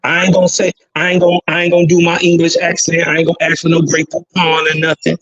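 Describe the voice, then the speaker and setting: High, husky man with a slangy drawl. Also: completely flat delivery, fast, fairly bright tone, no room sound, muffled recording. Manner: drawling, slangy, says "you dig what I'm talking about". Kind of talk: casual podcast discussion.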